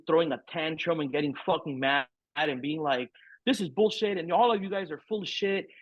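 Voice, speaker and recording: A man's voice: a little high, no room sound. A middle-aged man telling a candid, rambling story as a podcast guest, swearing freely and stacking fillers. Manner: frank, profane, rambling with many fillers. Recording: tinny phone-like line, dry.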